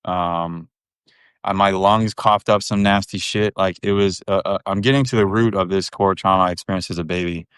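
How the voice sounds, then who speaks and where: A man's voice: low-pitched, fairly even intonation, moderate pace, a bit bright, clear, resonant tone, no room sound, studio quality. A man in his thirties talking candidly as a podcast guest, frank and rambling, with plenty of swearing. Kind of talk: candid casual conversation.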